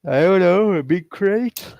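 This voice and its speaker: A man's voice: high-pitched, lively intonation, a little slow, darkish tone, no room sound, voice pushed up. A man voicing a tired male contact on a phone call, hesitant and rambling, trailing off between words, in a tabletop roleplay game. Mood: offhand. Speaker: game master.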